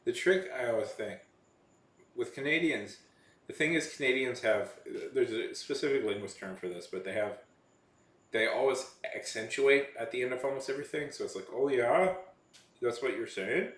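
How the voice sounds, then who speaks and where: The male vlogger's mid-range voice has a fairly bright tone and moderate pace. Talking casually to viewers in an echoey room, he wanders between thoughts with many false starts and self-corrections.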